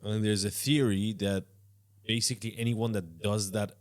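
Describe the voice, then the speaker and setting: A young man hosting a podcast, talking quickly and often laughing in casual chat. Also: fairly low pitch, fairly even intonation. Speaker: podcast host.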